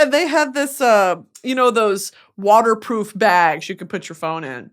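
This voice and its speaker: A woman's voice: medium pitch, expressive, normal speed, hardly any pauses. A woman from Texas hosting a podcast, telling a story as a comedic monologue in a profane, self-mocking way. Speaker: podcast host.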